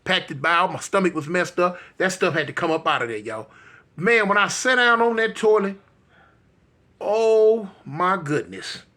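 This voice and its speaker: A man's voice: high-pitched, expressive, moderate pace, pushed and bright. A man in his fifties telling a comic personal story in a colloquial way, talking straight to his listeners and acting out the scenes with vocal sound effects and exclamations. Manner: addresses listeners directly, colloquial.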